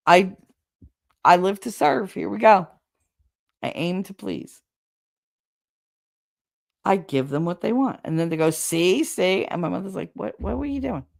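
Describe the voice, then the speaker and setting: A woman's voice: fairly low pitch, creaky. A middle-aged woman chatting casually on a live stream, candid and wry, venting with sarcastic asides. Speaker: streamer hosting a chat.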